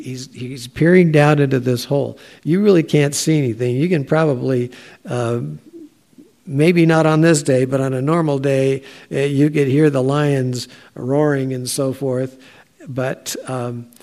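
A man giving a conversational Bible teaching, talking in a halting way with frequent filler sounds. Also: medium pitch, a little mellow.

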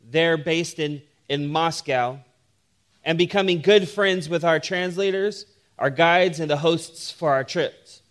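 A man with a notably high voice delivers a sermon as a pastor. He tells stories with humor and lively timing, then settles into steady teaching. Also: takes it slowly. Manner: humorous storytelling, animated when telling the joke. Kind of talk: sermon with personal story.

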